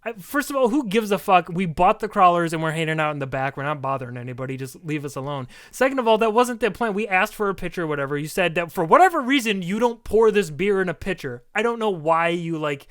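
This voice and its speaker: Animated, profane young man telling a story. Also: high voice, quick pace, hardly any pauses, clean tone, no echo, studio quality. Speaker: podcast co-host. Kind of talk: casual chat.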